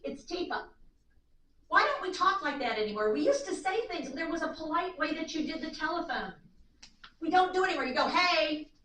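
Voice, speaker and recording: A woman lecturing a live audience on aging in an animated way, acting out little voices, in a seminar room. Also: sits high. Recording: echoey room, distant mic, faint noise.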